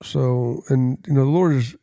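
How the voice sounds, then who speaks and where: A man's voice: mid-range voice, moderate pace, creaky, mellow, no echo, clean studio sound. An older man telling his life story as an interview guest, earnest and plain-spoken, acting out the voices of people he quotes.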